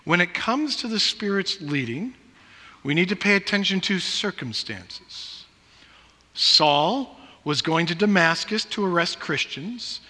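A man's voice: high voice, lively intonation, a little slow, bright, forceful tone. A middle-aged male pastor preaching a sermon, telling stories in a self-deprecating way. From Pacific Northwest. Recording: reverberant church hall.

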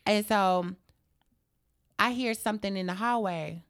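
A woman's voice: medium pitch, measured pace, clean tone. A young adult woman telling a personal story in a casual interview, acting out the dialogue and swearing freely. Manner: animated, acts out quoted dialogue, swears freely.

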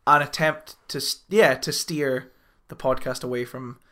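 A man co-hosting a podcast, rambling excitedly in casual chat and swearing now and then. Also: mid-range voice, a little slow. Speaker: podcast co-host.

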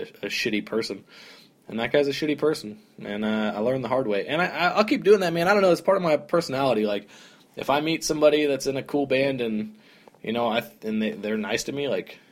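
A young man hosting a solo podcast, rambling casually with lots of "like" and "dude", in a relaxed, conversational way. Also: medium pitch. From American South. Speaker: podcast host.

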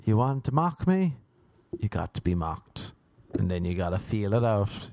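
A man, telling a rambling self-mocking comic monologue and often jumping into high put-on voices. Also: big pitch swings, normal speed, darkish tone. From Ireland. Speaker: comedian. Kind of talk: comedic monologue.

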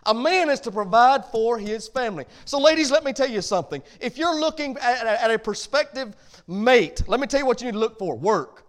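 High, lively preacher man. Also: moderate pace. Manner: folksy, rises to emphatic preaching. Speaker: pastor. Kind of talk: sermon.

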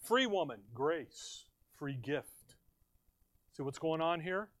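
A middle-aged man preaching a verse-by-verse sermon, swinging between loud emphasis and quiet asides. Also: a little high, animated, slow, no echo.

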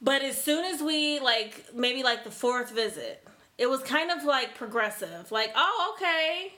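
Bright, playful woman podcast host. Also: on the high side, measured pace. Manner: playful, laughing, interjects. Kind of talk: casual chat.

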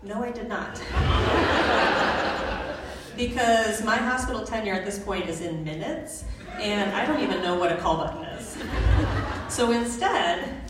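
A woman's voice: medium pitch, animated, a little slow, long pauses. A woman, a student midwife, telling a personal story on a live stage with comic, self-mocking delivery. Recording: echoey, distant live hall recording with background noise.

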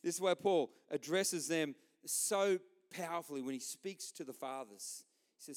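A middle-aged man preaching a sermon as a pastor, impassioned, swinging between loud outbursts and quiet asides. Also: a little high, normal speed, big-room sound.

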